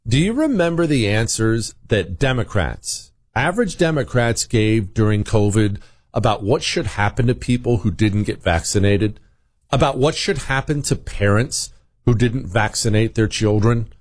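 A man's voice: fairly low pitch, lively intonation, normal speed, no echo. A man hosting a talk radio show, delivering an emphatic, sarcastic political monologue and ad reads.

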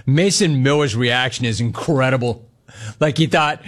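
A man hosting sports talk radio, reading sponsor copy and riffing with animated, mocking commentary on a baseball blunder. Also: mid-range voice, moderate pace.

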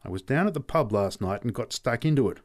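A man's voice: mid-range voice, animated, quick pace, natural voice. A man voicing a short-tempered older milk carter who barks and swears. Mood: sheepish. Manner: curt, snapping, swearing.

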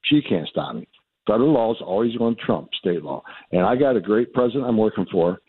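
A man's voice: fairly low pitch, breathy edge, no echo. A man talking bluntly and defiantly as a radio interview guest, repeating points and restarting his sentences. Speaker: radio guest, immigration official. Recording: tinny phone line.

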